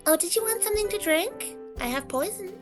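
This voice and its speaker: A woman's voice: very high-pitched, lively intonation, fairly quick, music in the background. A woman reading as a teasing young idol. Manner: playful, teasing. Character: young female internet idol, playful and teasing. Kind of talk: reading game dialogue aloud with friends.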